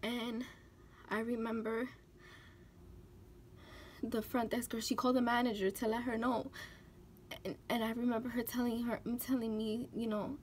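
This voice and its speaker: A young woman with a high voice, talking to her camera while trying not to cry. Her words break and waver with tears. Faint background noise sits under her voice. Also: level tone, moderate pace, pauses often. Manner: tearful, breaking down while telling a story. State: crying. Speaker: vlogger. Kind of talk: emotional personal vlog.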